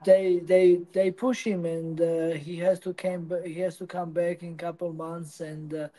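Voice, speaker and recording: Interviewee, man, English speaker, halting delivery, high and mellow. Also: level tone, low-quality recording. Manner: halting, non-native English with many restarts. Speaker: interviewee, professional fighter. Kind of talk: casual interview answers.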